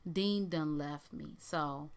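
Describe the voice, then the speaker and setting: A heartbroken woman, voiced by a female storyteller, speaks low and quiet. Her words come out subdued and a little deflated. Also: slow, clear, resonant tone. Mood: dejected.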